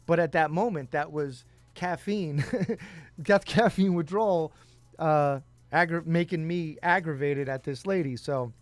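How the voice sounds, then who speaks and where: A man's voice: a little high, unhurried, no room sound, soft background music. A man co-hosting a casual talk show, telling rambling stories, laughing often and swearing. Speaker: podcast co-host. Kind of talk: casual chat.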